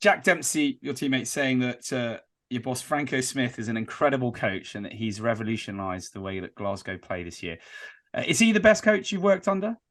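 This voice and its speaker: A man's voice: mid-range voice, animated, normal speed, a bit bright. A man hosting a podcast, introducing guests and asking teasing questions. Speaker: podcast host.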